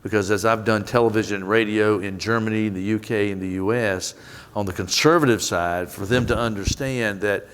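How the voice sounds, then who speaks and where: A man's voice: lowish voice, fairly even intonation, smooth. Folksy man with a Southern accent. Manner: folksy and earnest, with quick quoted asides. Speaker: guest, head of an aid agency. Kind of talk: public onstage conversation.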